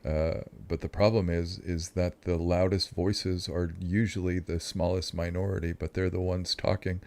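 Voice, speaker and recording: A man's voice: low voice, flat delivery, normal speed, darkish tone. A man hosting reaction commentary, adding dry, sarcastic asides. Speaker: commentary host.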